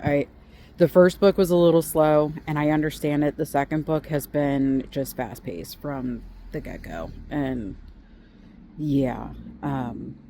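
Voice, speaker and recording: A woman's voice: a bass voice, creaky, dark tone, a little hiss or hum. A woman chatting casually as a book vlogger, rambling and gushing with lots of fillers. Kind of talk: casual chat. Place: outdoors in the snow with a dog.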